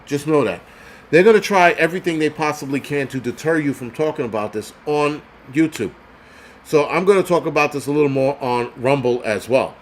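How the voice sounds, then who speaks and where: A man in a heated livestream rant, swearing freely and tripping over his own words as he gets worked up. His voice sits a little high for a man. A faint hum runs underneath. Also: fairly quick. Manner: angry, profane, heated ranting; repeats and restarts words when worked up. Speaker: host of a prepping channel.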